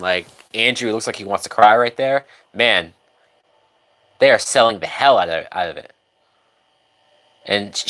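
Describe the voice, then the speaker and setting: During a live stream, a drunk man chats loosely about a film, swearing freely and occasionally reading viewer comments aloud. His medium-pitched voice sounds bright and forceful.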